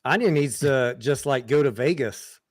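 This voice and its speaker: A man hosts a casual live stream and reads chat aloud between jokes. His manner is laid-back and friendly, at a middle pitch. The sound is close and dry. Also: normal speed, dry recording.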